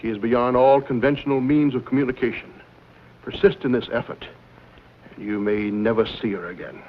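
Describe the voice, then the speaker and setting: An actor playing a smooth, scheming villain who speaks with formal politeness and veiled threats, in a 1950s TV western drama. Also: male voice, mid-range voice, normal speed, close to an everyday voice. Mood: smooth menace. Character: smooth scheming male villain, menacing behind polite manners. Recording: dull old TV soundtrack with faint hiss.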